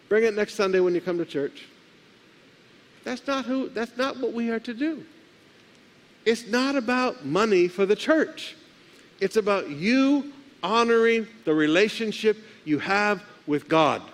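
A man's voice: high-pitched, lively intonation, measured pace, pauses often. A male pastor preaching a sermon, leading the congregation in call-and-response. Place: church sanctuary. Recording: live with long hall reverb.

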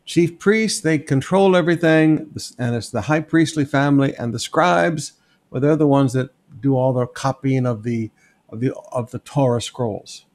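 A man's voice: mid-range voice, moderate pace, darkish tone. A man teaching a Bible passage verse by verse in a conversational, emphatic sermon style, often stopping to point things out to listeners. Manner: conversational, emphatic, asks "notice" and "okay?"; sketches on a board while teaching. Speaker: pastor.

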